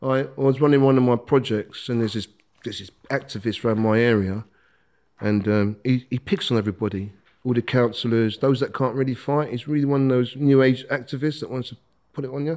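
Man, middle-aged, animated storyteller. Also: mid-range voice, a little fast. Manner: animated, acts out quotes, laughs while telling. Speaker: guest. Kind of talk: casual storytelling.

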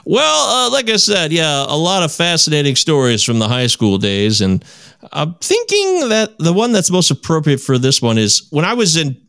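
A man in his forties, a guest in a casual chat, telling stories with animated, self-mocking humor. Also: fairly high pitch, normal speed, vocal fry, smooth, dry recording, studio quality.

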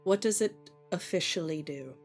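Casting: woman doing a soft-spoken, regretful mother, low-pitched and measured, faint music under it. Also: close to an everyday voice. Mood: wary. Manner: quiet, measured, earnest. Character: guarded regretful mother, woman, middle-aged.

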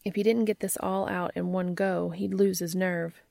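A woman reads fiction aloud, soft and measured, in a low voice with a gravelly texture. The recording is dry and close, with no room sound. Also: flat delivery, no echo. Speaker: narrator.

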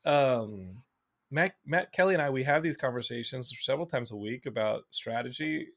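A man hosting a podcast, chatting casually and telling a rambling, animated story. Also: medium pitch, moderate pace, vocal fry. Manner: rambling, animated storytelling, reads out viewer comments. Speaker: podcast host. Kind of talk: casual chat.

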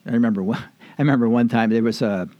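A man's voice: medium pitch, fast talker, dry recording, lo-fi sound. An older man, interviewed, telling old stories in a rambling, chuckling way with plenty of fillers and restarts. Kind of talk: casual storytelling reminiscence.

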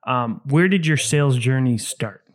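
A man's voice: mid-range voice, expressive, normal speed. A man hosting a sales podcast, introducing his guest and asking questions in an upbeat way. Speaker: podcast host. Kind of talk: podcast interviewing.

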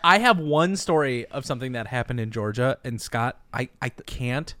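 A man co-hosting a casual chat, telling stories in an animated way and laughing often. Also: mid-range voice, moderate pace, no echo. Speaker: podcast co-host. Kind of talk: casual comedic storytelling.

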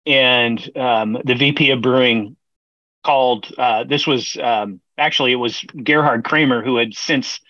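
A man's voice: medium pitch, fairly even intonation, unhurried, sharp tone, no room sound, highs cut off. A middle-aged man, a brewer, telling long stories in a casual interview, rambling with many fillers, restarts and laughs. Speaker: brewer, podcast guest.

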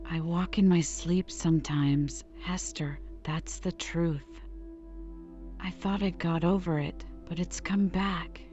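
A woman reading aloud as a motherless teenage boy caught sleepwalking, speaking low and whispery. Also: fairly even intonation, slow, mellow, lo-fi sound, faint music behind. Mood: sheepish.

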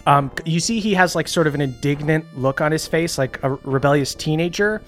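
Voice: medium pitch, a little fast, soft background music. Laid-back tabletop game master. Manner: casual, laughing, full of fillers.

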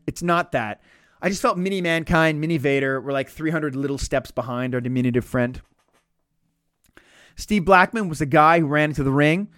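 A man's voice: a little high, no echo, studio quality. A man hosting a comedic podcast, talking in a sarcastic, profane, ranting way. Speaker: podcast host.

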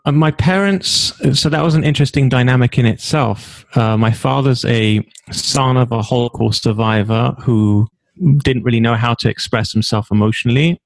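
A man's voice: mid-range voice, normal speed, no room sound. A man from England with a London accent, a guest telling his story openly with self-mocking humor in an interview. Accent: London English. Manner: candid, self-deprecating, joking. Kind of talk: interview conversation.

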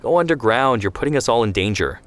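A man voicing a sharp-tongued young sister who speaks bluntly and with scorn, read as part of a story. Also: mid-range voice, lively intonation, fast, pitched above the performer's own voice, natural voice. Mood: scornful. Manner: blunt, cutting.

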